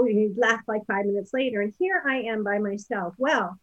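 A chatty woman in her fifties, guesting on a podcast, tells stories loosely and digressively at a moderate pace in a medium-pitched voice, full of fillers and restarts. The casual interview recording is dull and dry.

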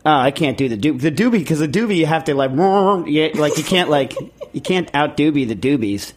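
A man hosting a podcast in casual chat, rambling with lots of fillers and jumping to high excited outbursts. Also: brisk. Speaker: podcast host.

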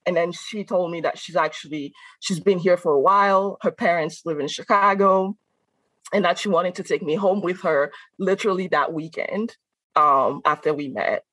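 Woman from Benin, low-voiced, animated storyteller. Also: moderate pace, no room sound, rough recording. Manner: animated, laughs often, acts out quoted voices. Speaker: guest, food content creator. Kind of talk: casual conversational storytelling.

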